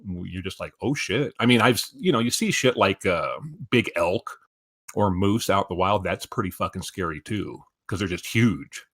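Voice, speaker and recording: A man in his fifties, a stream co-host, telling a story in casual chat, animated and full of swearing. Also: deep voice, normal speed.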